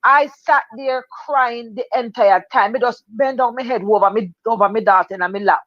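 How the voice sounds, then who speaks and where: A woman's voice: on the high side, moderate pace, dry recording. A middle-aged Jamaican woman chatting animatedly in patois, telling a story on a radio talk show. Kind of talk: casual storytelling chat. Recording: dull, dry lo-fi sound.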